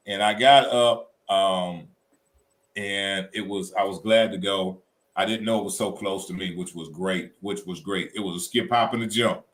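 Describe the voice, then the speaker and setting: A man co-hosting a casual chat show, telling weekend stories in an animated, colloquial way. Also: lowish voice, unhurried. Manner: animated storytelling, Southern colloquial. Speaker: co-host.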